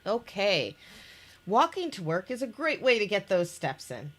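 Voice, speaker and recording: A woman's voice: medium pitch, sing-song, a little slow, a bit bright. A woman presenting an interactive story game she made, reading its scenes aloud in casual chat. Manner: reads scenes aloud with restarts and laughs. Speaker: game maker presenting her game.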